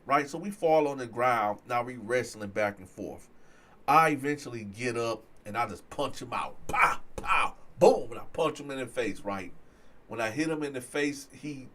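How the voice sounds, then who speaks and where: Storyteller, male, mid-pitched, casual and animated, does the voices. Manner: animated, acts out other people's voices in quotes.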